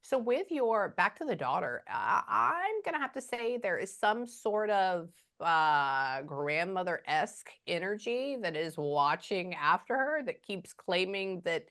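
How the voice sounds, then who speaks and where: Low-voiced woman, halting medium. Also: very animated. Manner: halting, with many "hold on" pauses and quiet murmured asides. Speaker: psychic medium. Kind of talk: live reading over a video call. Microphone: video call.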